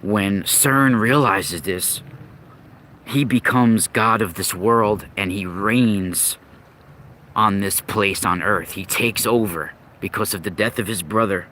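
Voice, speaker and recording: A very deep-voiced man talks slowly through old legends, circling back and restarting as he hunts for the right word. A faint hiss of background noise sits under his voice. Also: bright, forceful tone. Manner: rambling, with frequent restarts and searching for words. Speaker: podcast host. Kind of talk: casual monologue on myth and occult lore.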